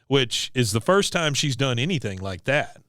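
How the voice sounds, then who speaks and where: A man hosting a podcast, recapping an episode in a casual, animated way. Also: medium pitch, normal speed, no room sound, studio quality. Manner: animated, laughing storyteller. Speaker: podcast host.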